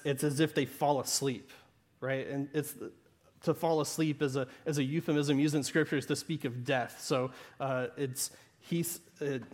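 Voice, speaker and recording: A male pastor with a Southern Arkansas accent delivers a sermon in a loose, conversational way. His voice sits a little higher than most men's, and he keeps tossing in "right?" and circling back over his own words. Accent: Southern American (Arkansas). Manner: conversational, frequent "right?" and restarts.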